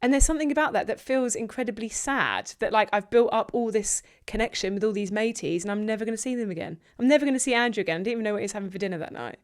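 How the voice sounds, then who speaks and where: A woman co-hosting a podcast, telling a story in an animated, chatty way. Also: mid-range voice, rapid-fire, few pauses. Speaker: podcast co-host. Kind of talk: casual comedic chat.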